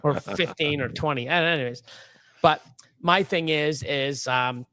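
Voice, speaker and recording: A man's voice: fairly high pitch, measured pace, sharp tone, smooth, no echo, studio quality. A man in his fifties chatting casually as a livestream host, rambling and swearing, often laughing. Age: 50s. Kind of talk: casual chat.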